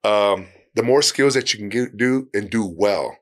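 Low-voiced man giving easygoing advice. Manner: easygoing, laughs often, acts out quick dialogues. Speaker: actor, podcast guest. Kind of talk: casual interview advice.

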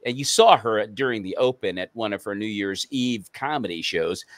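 A man's voice: lowish voice, animated, normal speed, dry recording, studio quality. A man hosting an online talk show, introducing guests in an upbeat way and often restarting his sentences. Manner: upbeat, repeats words and restarts. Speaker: host.

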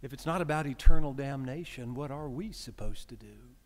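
A priest preaching a conversational, story-driven sermon. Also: male voice, mid-range voice, normal speed. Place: church sanctuary. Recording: reverberant church hall.

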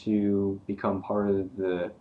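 A man's voice: low-pitched, completely flat delivery, takes it slowly, phone-quality sound, a little hiss or hum. A man giving a casual, hesitant comic book review, talking through pages with many ums and uhs.

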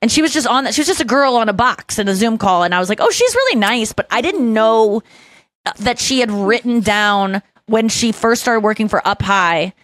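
A young adult woman hosting a podcast, telling animated stories in casual chat and acting out what others said. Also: fairly high pitch, brisk, dry recording. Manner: animated storytelling, acts out quoted voices. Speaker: podcast host.

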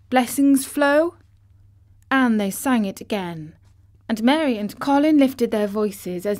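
Woman audiobook narrator, gentle storybook reading, unhurried. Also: medium pitch.

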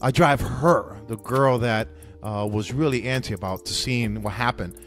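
A man's voice: mid-range voice, normal speed, faint music behind. A young man hosting a podcast, telling a candid, profane story with many restarts. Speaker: podcast host. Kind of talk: casual storytelling monologue.

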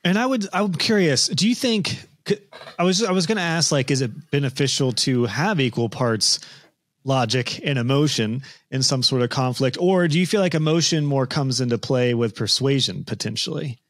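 A man's voice: medium pitch, normal speed, a bit bright, no echo, studio quality. A man hosting a podcast, asking casual, curious questions. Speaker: podcast host. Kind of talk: podcast interview.

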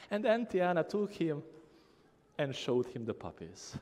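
A male pastor delivers a slow, measured sermon in a church. His voice is high and swings widely in pitch as he tells a story and acts out the people in it. A long reverb trails every phrase around the sanctuary. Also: a little hiss or hum. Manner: animated storytelling, acting out a child's and mother's voices.

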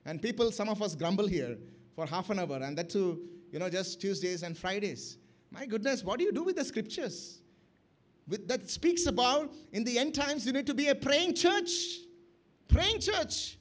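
Male preacher, very high voice, emphatic and questioning, surges in volume on key words. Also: expressive, normal speed. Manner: emphatic, with rising and falling bursts of loudness; asks the congregation questions. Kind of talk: sermon. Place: church camp gathering.

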